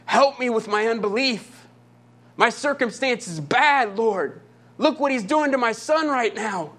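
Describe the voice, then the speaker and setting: A desperate father pleading for his son, repeating his words as he begs, voiced by a man in his sermon. The voice sits high for a man. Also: animated, unhurried, fairly bright tone, full character voice.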